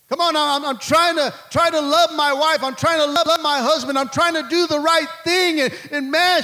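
Guy preaching in church, super high bright voice, keeps saying amen and stumbling over words. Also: steady tone, normal speed, hardly any pauses. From Mexico. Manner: fervent preaching, repetitive amen calls, stammering restarts. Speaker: pastor. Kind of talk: sermon.

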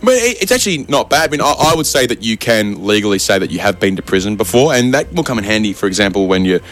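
A man co-hosting a comedy podcast, ranting animatedly and joking. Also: on the low side. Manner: animated, ranting, quick-witted. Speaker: podcast co-host. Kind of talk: comedic banter.

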